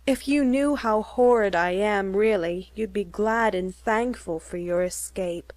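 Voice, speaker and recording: A woman's voice: mid-range voice, a little slow, a little mellow, no echo, close to an everyday voice. A woman reading as a flustered young woman, pleading and emotional.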